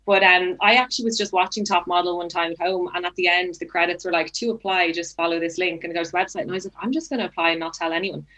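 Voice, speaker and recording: A woman's voice: fairly low pitch, quick pace, hardly any pauses, poor audio. A young woman, chatting as a guest and telling stories animatedly, often acting out what other people said. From Ireland. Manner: animated storytelling, acts out quoted voices. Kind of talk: casual chat.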